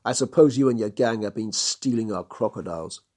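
A man's voice: lowish voice, fairly quick, darkish tone, natural voice. A man voicing an angry male safari guide in a storybook reading, blunt and bitter.

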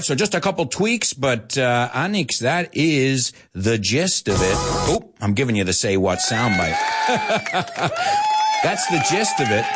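A man hosting an English lesson in a chatty, lively way, dropping Spanish words in between and laughing often. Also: a little high, slightly rough. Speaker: English teacher and show host. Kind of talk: live online English lesson.

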